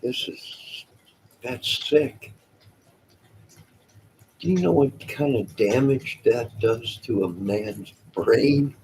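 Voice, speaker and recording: Speaking very slowly and pausing often, a man with a medium-pitched, darkish voice comes through poor audio with faint background noise. As host of a casual live stream, he reads chat and responds jokingly, exclaiming and laughing a lot.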